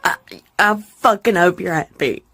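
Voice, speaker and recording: A woman's voice: fairly low pitch, expressive, unhurried, sharp tone, breathy edge, no room sound. A woman ranting furiously in a self-filmed video. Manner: furious, spitting insults. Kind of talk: emotional video rant.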